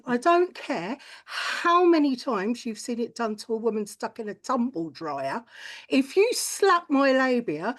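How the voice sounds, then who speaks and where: Woman comic, crude and chatty, stand-up set delivery. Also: mid-range voice. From lives in Wales, not Welsh-born. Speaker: stand-up comedian. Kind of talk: stand-up routine.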